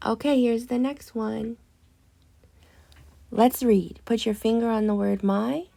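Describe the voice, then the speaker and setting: Slow, gravelly-voiced reading teacher woman. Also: on the high side, steady tone, mellow. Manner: slow, patient, drawn-out modeling of words. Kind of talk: guided reading lesson for young children.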